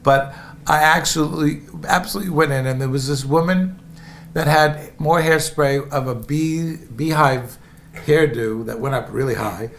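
With a gravelly mid-range voice, a man from Indiana spins casual, rambling memoir stories, chatting to his listeners and calling them folks. Slight background noise can be heard.

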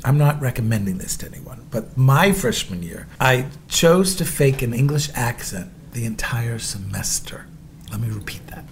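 Animated middle-aged man telling stories. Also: mid-range voice, moderate pace, a little hiss or hum. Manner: animated, gushing, swings between loud asides and hushed remarks. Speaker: podcast host. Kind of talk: storytelling monologue.

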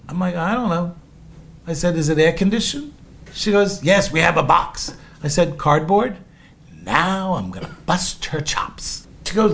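A man's voice: fairly high pitch, unhurried, gravelly. A middle-aged man from Cape Cod, telling a personal story in a casual monologue and acting out the other people's voices. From Cape Cod, Massachusetts. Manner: animated, acts out voices and sounds in his story.

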